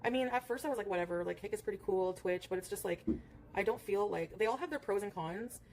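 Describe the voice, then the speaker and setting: A woman's voice: mid-range voice, quick pace, darkish tone. A woman streamer chatting casually in a rambling way, full of fillers, and cooing at her cat between remarks. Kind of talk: casual livestream chat.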